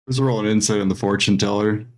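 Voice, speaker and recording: A man's voice: on the low side, fairly even intonation, fast. A man playing in a tabletop game, joking around and laughing a lot. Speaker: player. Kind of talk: casual game chat.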